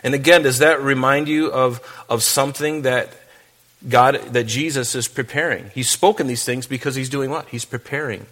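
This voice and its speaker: A man teaching verse by verse in a conversational sermon, with joking asides and slow, deliberate reading of scripture. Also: mid-range voice, fairly even intonation, fairly bright tone. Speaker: pastor.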